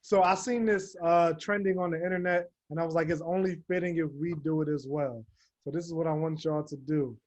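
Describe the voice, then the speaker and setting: A man's voice: fairly high pitch, steady tone, fairly quick, darkish tone, lo-fi sound. A man hosting a casual podcast debate, summing up and steering the talk. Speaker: host.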